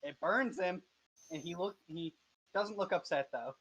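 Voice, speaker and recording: A man's voice: sits high, measured pace, fairly bright tone, breathy edge, highs cut off. Hesitant male game master. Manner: hesitant, many fillers and restarts. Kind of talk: narrating a tabletop game.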